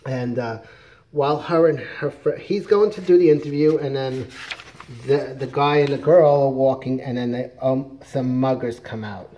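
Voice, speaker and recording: A man's voice: mid-range voice, normal speed, warm tone, dull audio, slight background noise. A middle-aged man casually retelling a comic book plot, rambling with many fillers and restarts. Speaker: comics reviewer.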